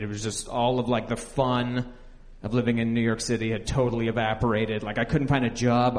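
A man's voice: medium pitch, long reverb tail. A young man telling a candid, rambling personal story, acting out the lines of the people in it. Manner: candid, rambling, full of "like" and acted-out quotes.

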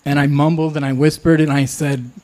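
A man telling a true personal story, candid and self-deprecating, often pausing and restarting. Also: fairly high pitch, little pitch movement, darkish tone.

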